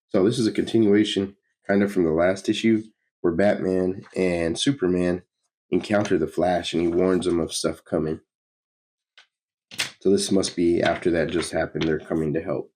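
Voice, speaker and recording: A man reading a comic book aloud and adding relaxed, chatty remarks about the story. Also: sits low, normal speed. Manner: relaxed, chatty asides between read dialogue. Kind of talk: casual comic read-along with commentary.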